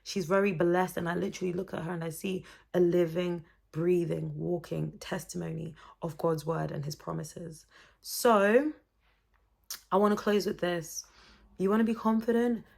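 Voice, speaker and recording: A young woman in her twenties talking to camera in a chatty, expressive vlog with motivational, faith-based encouragement. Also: fairly low pitch, moderate pace, vocal fry. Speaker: vlogger.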